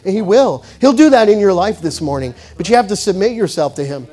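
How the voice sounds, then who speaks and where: A man preaching a sermon, telling a story and swinging between loud bursts and quiet asides. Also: high-pitched, expressive, fast, few pauses. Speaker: pastor.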